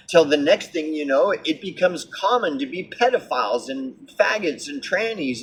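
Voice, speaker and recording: A man with a slightly raised pitch rants in a heated, sarcastic monologue, tossing in profanity and loose fillers. He sounds set back from the microphone, and a faint hiss runs underneath. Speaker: vlogger. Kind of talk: ranting monologue. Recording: distant mic with faint background hiss.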